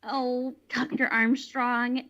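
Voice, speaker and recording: A woman's voice: fairly high pitch, little pitch movement, slow pace, a bit bright. A woman playing a polite, modest woman scientist in an amateur drama clip. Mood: prim. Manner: prim, polite. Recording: dull lo-fi clip audio.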